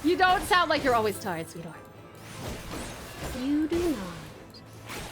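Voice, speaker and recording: A woman's voice: high-pitched, big pitch swings, slow pace, music in the background. A young Australian woman streaming a game, chatting in a bubbly, giggly way and swearing freely. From Tasmania, Australia. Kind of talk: casual game stream chat.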